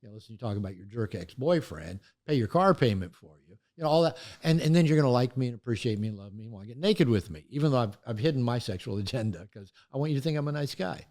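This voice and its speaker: A man's voice: mid-range voice, quick pace, hardly any pauses. An older man, an author and therapist, talking candidly in an interview and acting out quoted voices as he tells stories. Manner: animated storytelling, acts out quoted voices.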